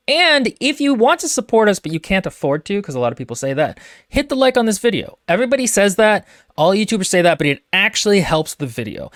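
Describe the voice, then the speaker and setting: A man's voice: high voice, very animated, quick pace, fairly bright tone, no room sound. Jokey guy rambling about a book, lots of ums, dead dry sound. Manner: wry, joking, rambling with fillers. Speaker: podcast co-host. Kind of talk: casual book-club chat.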